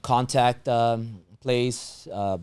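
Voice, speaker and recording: A man's voice: mid-range voice, fairly even intonation, extremely slow, a little mellow, clear, resonant tone, no echo, studio quality. A man hosting a casual interview, talking with a tired, strained voice he says is going, rambling with many restarts. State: losing his voice, strained throat. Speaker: podcast host.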